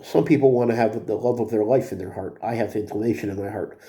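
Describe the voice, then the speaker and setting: A man's voice: fairly low pitch, quick pace, dark tone. A middle-aged man talking in a confessional video diary, rambling and frustrated with himself, often restarting and repeating words. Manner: rambling, frustrated, self-critical. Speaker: vlogger.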